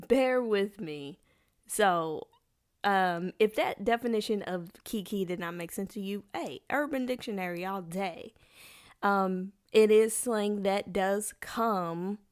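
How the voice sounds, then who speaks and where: A young woman hosting a solo podcast, chatting casually in a rambling, playful, slangy way full of restarts and asides. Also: medium pitch. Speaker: podcast host.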